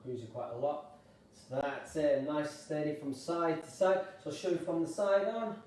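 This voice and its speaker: A man's voice: fairly high pitch, dark tone, far from the mic, a little hiss or hum. A man from Wales, an exercise instructor, leading a live online class at home in an upbeat, encouraging, chatty way. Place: room at home. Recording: echoey room, voice from afar.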